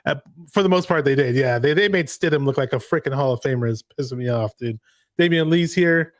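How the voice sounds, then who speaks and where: A man hosting a live sports reaction show, recapping a game in an excited, rambling way. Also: mid-range voice, brisk, no room sound, clean studio sound. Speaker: podcast host.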